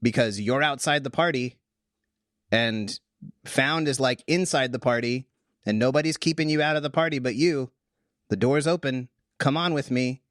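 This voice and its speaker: A man hosting a podcast, talking through a Bible passage casually, animated and full of restarts. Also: medium pitch, moderate pace, no room sound, studio quality. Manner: animated, thinks aloud with restarts. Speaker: podcast host.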